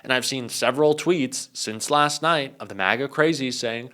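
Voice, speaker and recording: A man's voice: medium pitch, normal speed, few pauses, bright, forceful tone. A young man giving emphatic, indignant political commentary.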